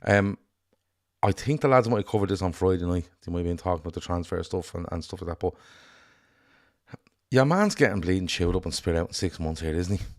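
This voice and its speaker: A man with an Irish accent co-hosting a casual football chat, blunt and sweary in an animated rant. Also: low voice, a little fast. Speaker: podcast co-host.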